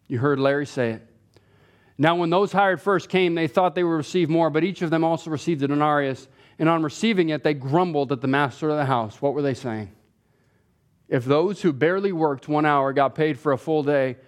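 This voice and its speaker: A man preaching a sermon, animated and repeating words as he starts phrases, rising in pitch when he voices others' complaints. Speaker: pastor.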